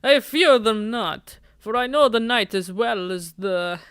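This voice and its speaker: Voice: medium pitch, animated, a little slow, fairly bright tone, smooth, no echo, clean studio sound. A streamer voicing a dramatic, nervous gothic young man with archaic, overwrought phrasing. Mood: nervous bravado.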